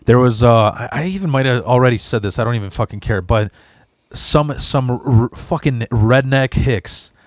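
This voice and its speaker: A Chicago man hosting a podcast tells stories casually, rambling and heavily profane, with lots of restarts. His mid-range voice moves at a moderate pace in clean studio sound with no room audible.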